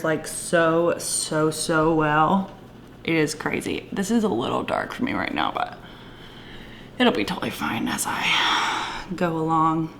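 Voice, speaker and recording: A woman talking through her makeup in a casual, gushing vlog, with a playful put-on Southern twang and soft whispered asides. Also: low-pitched, slight background noise. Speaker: beauty vlogger. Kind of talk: casual makeup tutorial chat.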